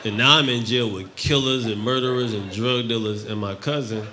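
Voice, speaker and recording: A man doing a stand-up set on a comedy club stage, telling a long story in a deadpan way and acting out the other people in it. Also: medium pitch, a little fast, few pauses. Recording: noisy live club recording.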